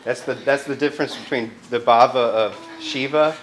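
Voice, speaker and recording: A man's voice: mid-range voice, moderate pace. A man teaching a live yoga class, giving cues in a casual, loose way and swearing freely. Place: yoga studio. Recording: echoey studio, faint ambient noise.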